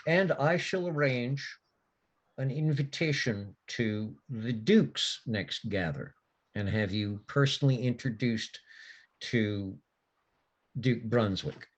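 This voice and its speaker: A man's voice: medium pitch, slow pace. A man voicing a gracious, poised noble fae woman, who speaks formally and with measure.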